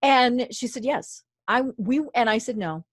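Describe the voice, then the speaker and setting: A woman with a fairly high voice tells a story in a loose, animated way, laughing now and then. The sound is dry and close, with no room in it. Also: a little slow, no room sound. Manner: animated, laughs while telling stories. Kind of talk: conversational storytelling.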